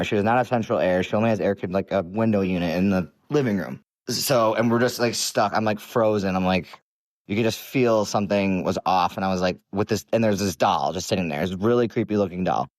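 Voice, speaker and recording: A man's voice: low-pitched, brisk, dry recording. A man telling a personal story in a casual, rambling way, with many fillers.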